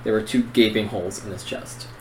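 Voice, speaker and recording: A man's voice: lowish voice, steady tone, a little fast, a little hiss or hum, poor audio. A young man co-hosting a book podcast, reading narration aloud and chatting eagerly. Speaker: podcast co-host. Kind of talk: reading narration and casual chat.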